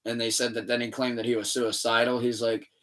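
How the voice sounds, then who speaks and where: A man in casual podcast chat, recounting a story and slipping into the voices of the people in it. His voice sits at a middle pitch, and he is heard from a little way off the microphone. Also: brisk, distant mic. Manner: animated storytelling, acts out quoted dialogue. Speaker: podcast co-host. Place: room shared with co-host.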